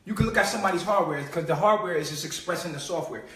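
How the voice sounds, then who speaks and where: Here the host speaks fast with a high voice, cursing and mocking in a streetwise live-stream monologue. He swings from quiet muttering to loud outbursts, positioned far from the mic in an echoey room.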